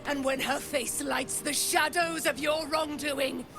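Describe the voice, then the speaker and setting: A woman's voice: high voice, steady tone, measured pace, over loud music. An actress playing a proud, indomitable female paladin in a video game, speaking in a grand, declamatory way. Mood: proclaiming. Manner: grand, declamatory, archaic phrasing.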